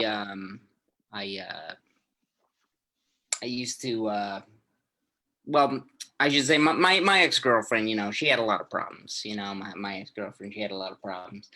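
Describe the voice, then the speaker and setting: A man doing a stand-up comedy set, halting and self-amused, with many restarts. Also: mid-range voice, bright, forceful tone, poor audio.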